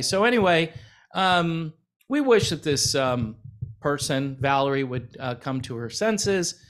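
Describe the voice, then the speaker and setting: A man from the United States talks through a casual commentary vlog. His voice sits a little high, and he drifts between points with heavy sarcasm and plenty of "uh" and "you know". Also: animated, measured pace, fairly bright tone. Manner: sarcastic, rambling with many fillers. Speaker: channel host.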